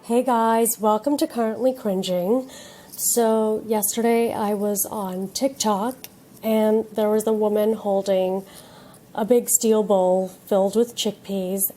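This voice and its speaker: A woman's voice: on the high side, warm tone. A woman in her late thirties hosting her own podcast, talking in a casual, ranting way and swearing freely. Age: 30s. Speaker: podcast host. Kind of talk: casual chat.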